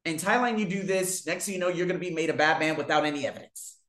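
A man telling stories to his viewers in a casual monologue, swearing freely and swinging widely in pitch and loudness. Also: fast. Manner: profane, animated, big swings in pitch and loudness. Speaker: vlogger. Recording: echoey room.

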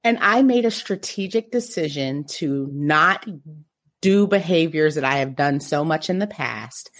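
Woman, low register, animated and playful storyteller, casual group podcast chat. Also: unhurried.

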